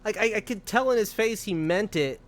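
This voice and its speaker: A man's voice: sits high, moderate pace. A young man streaming, casually telling a rambling story with frequent laughs and swearing. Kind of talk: casual storytelling while gaming.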